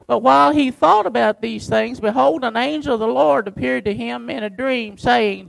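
A man pastor preaching a sermon, reading scripture slowly and driving his points home with emphasis. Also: very high-pitched, creaky, fairly bright tone, no room sound, low-quality recording.

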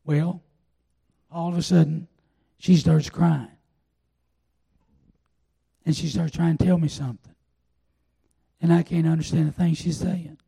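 An older man preaching a sermon, telling a personal testimony in a folksy, drawn-out way. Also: on the high side, level tone, vocal fry, mellow, slightly rough. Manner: folksy storytelling, drawn-out pauses. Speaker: pastor.

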